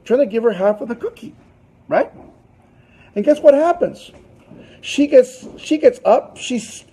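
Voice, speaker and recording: A man's voice: very high voice, animated, measured pace, long pauses, mellow, husky, rough recording. A man presenting to a business audience, telling a long anecdote in a loose, chatty way full of fillers and asides.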